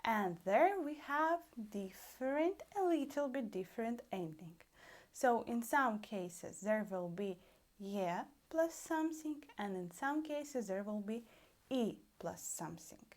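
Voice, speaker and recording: A young woman with a Russian accent teaches an online lesson in a fairly high voice. She takes her time, slowing down to stretch out each example. She keeps the tone animated and keeps calling her listeners dear friends.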